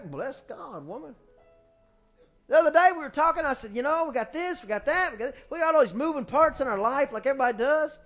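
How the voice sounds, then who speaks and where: A middle-aged man preaching a folksy, animated sermon in a church, speaking into a handheld microphone. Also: very high-pitched, fast, few pauses, soft background music. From small-town US. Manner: folksy and animated, acting out family quotes. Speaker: pastor. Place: church sanctuary, music faint behind.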